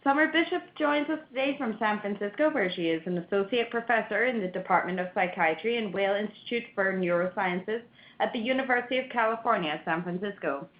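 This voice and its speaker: A woman's voice: mid-range voice, fairly quick. Woman host reading a webinar introduction. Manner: reads announcements and a speaker bio. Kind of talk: scripted introduction. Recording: roomy, dull lo-fi audio.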